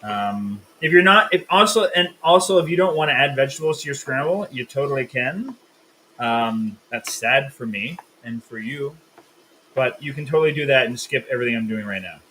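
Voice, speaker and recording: A man's voice: mid-range voice, lively intonation, moderate pace, bright, forceful tone, a little hiss or hum, poor audio. A man hosting a live cooking stream, explaining steps and teasing his co-host in a casual, joking way. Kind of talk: casual live cook-along chat.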